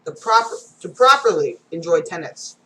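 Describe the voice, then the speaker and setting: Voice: mid-range voice, very animated, moderate pace, pushed and bright, rough recording. A reader going through comic strips aloud, reading every panel and sound effect, with casual asides.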